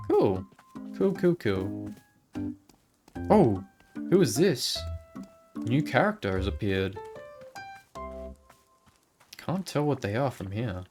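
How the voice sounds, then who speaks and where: A woman gives casual, playful commentary while she plays a video game, dropping murmured asides. Her voice is low but lively in its pitch. Faint game music plays underneath her talk. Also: slow pace, long pauses. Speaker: let's play gamer.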